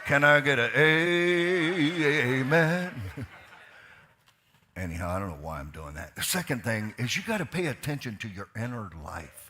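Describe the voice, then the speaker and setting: A man preaching a sermon as a pastor in a church, swinging from quiet asides to loud, fired-up preaching and putting repeated questions to his listeners. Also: on the low side, very animated, fast talker, few pauses, slight background noise. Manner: asks the crowd questions, repeats lines for emphasis. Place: church sanctuary.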